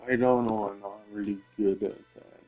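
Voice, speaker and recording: A man's voice: fairly low pitch, fairly even intonation, normal speed, darkish tone, soft background music. A man giving rambling, hesitant commentary while playing a video game. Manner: rambling, hesitant, with many fillers. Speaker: gamer streamer. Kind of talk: casual let's-play commentary.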